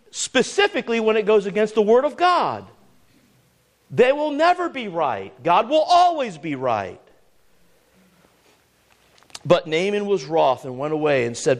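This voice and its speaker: Animated high-pitched male preacher. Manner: preaching with emphatic rhetorical questions. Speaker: pastor. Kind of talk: sermon.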